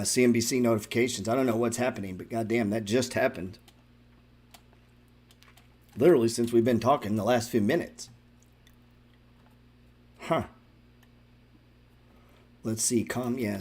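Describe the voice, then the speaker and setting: A man's voice: mid-range voice, measured pace, pauses often, breathy edge. A man hosting a stock trading show, giving loose, profane live market commentary and talking straight to his viewers. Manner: excitable, profane, talks to viewers directly.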